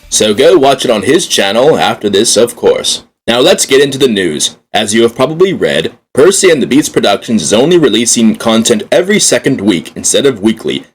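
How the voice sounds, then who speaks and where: A man's voice: medium pitch, slightly rough. A man hosting a scripted fan talk show with an upbeat announcer manner.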